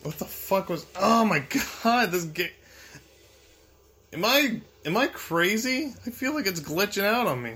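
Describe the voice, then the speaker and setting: A man's voice: sits high, animated, a little slow, sharp tone. A young man commentating his gameplay, frustrated, swearing and talking back at the game. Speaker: gamer.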